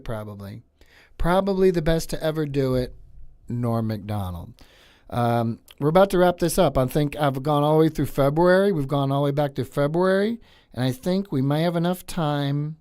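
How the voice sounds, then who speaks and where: A man's voice: medium pitch, moderate pace, a little mellow, smooth, dry recording. A man hosting a podcast in a studio, chatting casually in a rambling, filler-heavy way. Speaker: podcast host and comedian. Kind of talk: casual chat.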